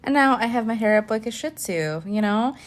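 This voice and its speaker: A woman's voice: fairly high pitch, expressive, fairly quick. A woman vlogger chatting casually to her viewers, rambling with lots of fillers and laughs. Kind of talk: casual chat.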